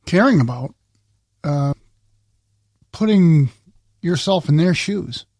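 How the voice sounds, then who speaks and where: A man's voice: fairly high pitch, lively intonation, slow, darkish tone, no echo. A man in casual conversation, giving short, thoughtful answers. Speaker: conversation partner.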